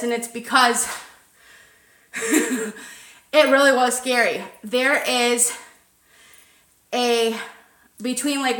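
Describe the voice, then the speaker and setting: A woman's voice: a little high, sharp tone, reverberant, a little hiss or hum. A woman in her thirties hosting a paranormal livestream outdoors at night, chatting loosely with viewers and swearing freely. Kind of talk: casual livestream chat.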